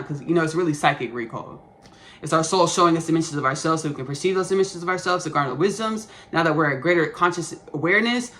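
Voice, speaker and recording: Bright-voiced Texan woman in her thirties. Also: low voice, a little hiss or hum. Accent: Texan Southern US. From Austin, Texas. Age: 30s. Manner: rambling and repetitive, with spiritual jargon. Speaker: podcast host. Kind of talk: casual spiritual podcast monologue.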